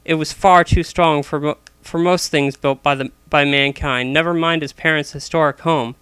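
Bright, crisp male story narrator. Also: on the high side, fairly even intonation, moderate pace, no room sound. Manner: frequent small restarts. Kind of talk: reading a story aloud.

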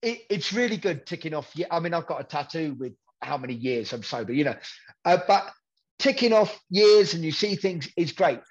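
A man's voice: a little high, lively intonation, moderate pace, breathy edge, highs cut off. A man talking candidly as a podcast guest, rambling and repeating himself as he acts out what people say. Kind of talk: candid conversational storytelling.

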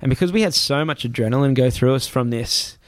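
A man telling a travel story in casual chat, animated and swearing, acting out other people's voices. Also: medium pitch, fast, no echo.

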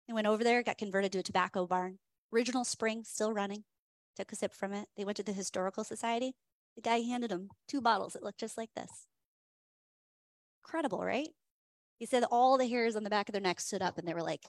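Host: enthusiastic woman, chatty, lots of ums, mid pitch, dry sound. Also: fairly even intonation, a little fast, no room sound. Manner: chatty, many "um" fillers, enthusiastic. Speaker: whiskey tasting host. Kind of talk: casual storytelling presentation.

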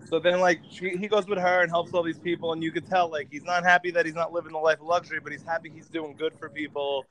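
A man with a slightly higher-than-usual voice tells a movie plot at length. He rambles, curses freely and leans on filler words as casual banter with friends. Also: little pitch movement, quick pace, a bit bright, slight background noise, low-quality recording.

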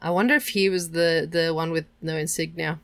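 Woman, lowish voice, casual chat, musing, hesitant. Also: fairly even intonation, a little fast, a bit bright. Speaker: co-host. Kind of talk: casual discussion.

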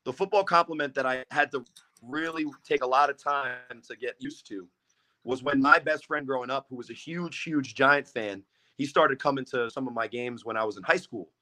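A man's voice: mid-range voice, normal speed, sharp tone. A man in his thirties, a guest on a casual podcast, joking and mocking himself, swearing freely. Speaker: podcast guest, football quarterback.

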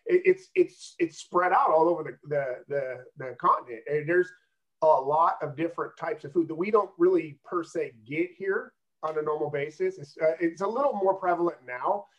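A man's voice: fairly high pitch, normal speed. A man co-hosting a podcast, rambling and repeating words as he searches for them. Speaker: podcast co-host, coach. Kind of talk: casual podcast chat. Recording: dull lo-fi sound.

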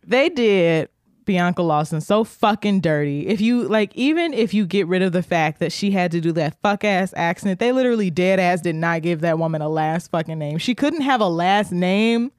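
A woman's voice: on the low side, animated, moderate pace, clean tone, no room sound. Casting: a drunk woman co-host, crude and joking, dry close sound. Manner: crude, joking, loud laughs. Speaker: podcast co-host. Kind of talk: casual drunk chat.

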